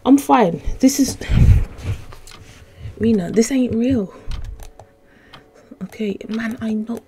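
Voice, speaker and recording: A woman's voice: a little high, takes it slowly, mellow, slight background noise, low-quality recording. A young woman, commentating a horror game she is playing, jumpy and easily startled, with gasps and exclamations. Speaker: gaming YouTuber.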